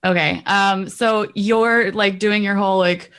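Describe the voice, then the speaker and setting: A woman's voice: mid-range voice, fairly even intonation, a little slow, fairly bright tone. A woman player describing her character's actions in a tabletop game, rambling with many fillers.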